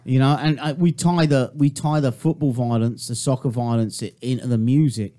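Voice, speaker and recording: A man's voice: mid-range voice, normal speed. A man with an English accent hosting a casual radio chat, swearing freely and acting out stories in voices. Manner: swears freely, animated, acts out anecdotes in voices. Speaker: radio show host. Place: radio studio.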